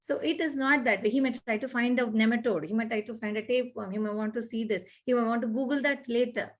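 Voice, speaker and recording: High-voiced woman explaining parenting advice. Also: fast, highs cut off. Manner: earnest, repetitive, animated explaining with acted-out examples. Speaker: parenting expert guest. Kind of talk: conversational advice talk.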